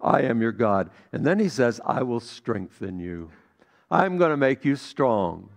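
Gravelly-voiced pastor preaching a sermon. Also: male voice, mid-range voice, very animated, measured pace. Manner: storytelling, swings from hushed to emphatic.

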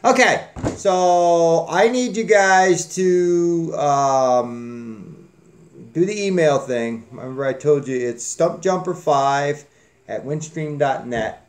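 A man's voice: a little high, slow pace. A man hosting a casual giveaway drawing on his channel, joking and rambling in a folksy way. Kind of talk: casual chat.

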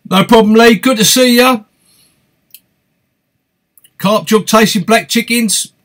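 A man with an East London accent, who hosts a fishing channel, leads a live Q&A stream in a friendly, upbeat manner, reading comments and naming viewers as he greets them. He takes his time, and his voice is high for a man with a fairly bright tone.

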